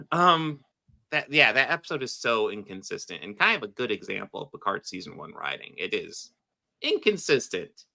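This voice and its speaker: Man, podcast host, casual chat, rambling, very bright tone. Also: lowish voice, big pitch swings, moderate pace, creaky. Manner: rambling, swears, laughs often.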